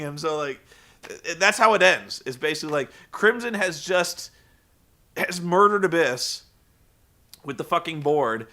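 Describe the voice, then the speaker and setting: A man casually recapping a wrestling show, rambling and profane, telling the story with animated energy. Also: fairly high pitch, moderate pace.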